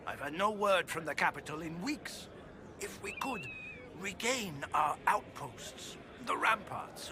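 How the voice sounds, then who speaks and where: Gruff fed-up army marshal in a game, kinda high voice, bit of hiss behind. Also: male voice, heavily acted. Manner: formal, gruff, contemptuous of rebels. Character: weary middle-aged male army marshal, blustering, scornful.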